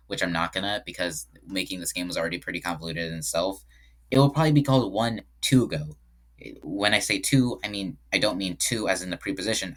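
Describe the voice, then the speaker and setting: A man talks through his own game in a loose, conversational commentary, often stopping to correct himself. His voice sits low but moves a lot in pitch. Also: a bit bright. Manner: rambling, frequent self-corrections. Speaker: game developer. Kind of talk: casual screen-share commentary.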